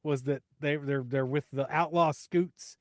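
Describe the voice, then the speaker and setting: A woman co-hosting a podcast in casual chat, laughing and mocking the film with quick impressions. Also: deep voice, steady tone, a little mellow. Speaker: podcast co-host.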